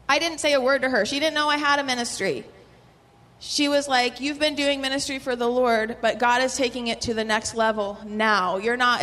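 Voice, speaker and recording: A woman's voice: a little high, fairly bright tone, long reverb tail. A woman telling her personal religious testimony in a fervent, earnest way, full of "like" fillers and small laughs. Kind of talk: personal testimony in casual conversation.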